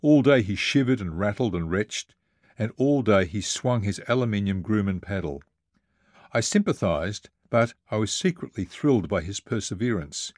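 A man with a lowish, darkish voice reads a first-person travel memoir as an audiobook, measured and vivid, with lively intonation. The recording is dry, with essentially no room sound.

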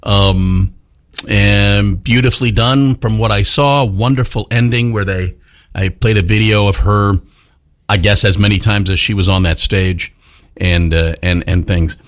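A man's voice: on the low side, fairly even intonation, unhurried. A man hosting a morning news talk radio show, chatting casually with many fillers and restarts.

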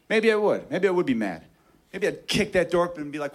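A man from Chicago performing a stand-up comedy set, profane and excitable, building into shouted rants. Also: high-pitched, fast talker. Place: comedy club stage. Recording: live club recording with loud crowd and noise.

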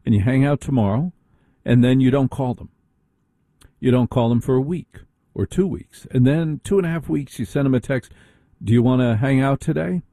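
A male talk-radio host speaks bluntly in a relaxed, conversational way. His voice is very dark and mellow. The sound is dry and close to the mic. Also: mid-range voice, moderate pace, no room sound.

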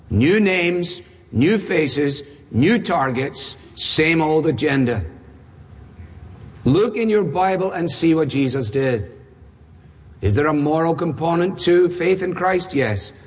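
A man preaching a sermon, firing off emphatic rhetorical questions with touches of dry humor. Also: a little high. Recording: reverberant hall.

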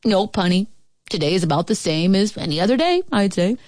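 A woman's voice: mid-range voice, animated, brisk, a little mellow, dry recording, studio quality, natural voice. A woman voicing a playful, teasing middle-aged father in a read-aloud story. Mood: jovial. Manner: teasing, jovial.

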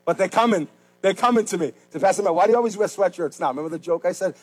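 A man preaching a sermon as pastor, swinging between loud, fervent rises and quiet, slow pleas. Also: sits high, low-quality recording.

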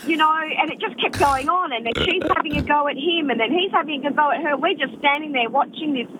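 A woman's voice: high-pitched, fast, noisy background. A woman calling a radio show and telling a story with many "you know"s. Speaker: caller.

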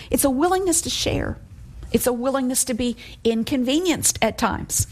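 A woman's voice: high-pitched, expressive, normal speed, a little mellow. Earnest woman teaching scripture. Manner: earnest, conversational, quotes scripture. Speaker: Bible teacher. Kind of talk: devotional teaching.

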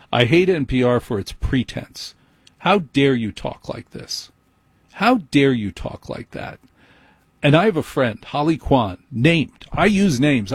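Husky ranting talk radio man. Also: mid-range voice, dry recording. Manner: ranting, sarcastic, mocking impressions. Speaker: talk show host.

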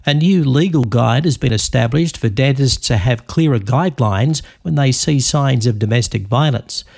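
Aussie guy reading the radio news, bit of fry in his voice. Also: medium pitch, moderate pace, a little mellow. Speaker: newsreader.

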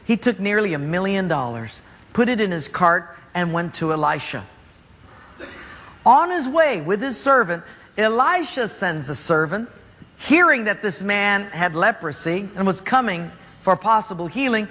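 A man's voice: high-pitched, very animated, a little slow, sharp tone, in a large hall. A man preaching a sermon as pastor, telling the story animatedly with jokes.

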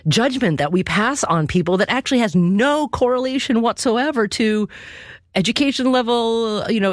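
A radio talk show host leads the conversation and introduces callers. The voice is engaged, conversational and emphatic, of middle pitch, and recorded dry in a studio. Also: no room sound.

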